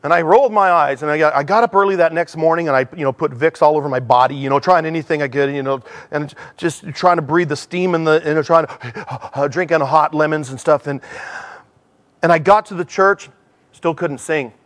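A middle-aged man giving a sermon in a church, animated and self-deprecating, telling stories and acting out dialogue. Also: fairly high pitch, a little fast. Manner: animated, acts out dialogue in changing voices. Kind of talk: sermon with storytelling.

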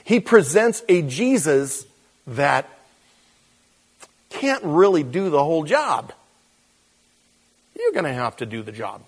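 A man preaching a sermon as pastor, in a conversational way with fillers and restarts, moving between quiet intensity and animated emphasis. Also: fairly high pitch, takes it slowly, long pauses, husky.

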